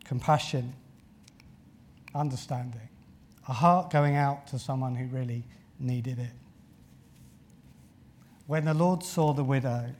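A man's voice: mid-range voice, slow, long pauses, a little mellow, a little hiss or hum. A man preaching a sermon in an earnest way, often repeating phrases and using filler words. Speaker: pastor.

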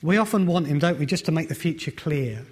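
Guy preaching, fairly high voice, chatty, keeps asking the room questions. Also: lively intonation, a little fast, slightly rough. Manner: conversational, asks the congregation rhetorical questions. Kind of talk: sermon.

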